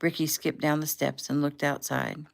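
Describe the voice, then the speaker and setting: A woman author casually reading her own novel aloud, relaxed and unpolished, now and then correcting herself. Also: low voice, normal speed, vocal fry. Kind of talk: casual audiobook narration.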